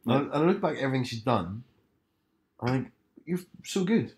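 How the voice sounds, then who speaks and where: A man of middle pitch co-hosting a podcast, with a playful, teasing manner. His voice leaps up high when he makes a joke. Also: expressive, fast. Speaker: podcast co-host. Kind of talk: casual chat.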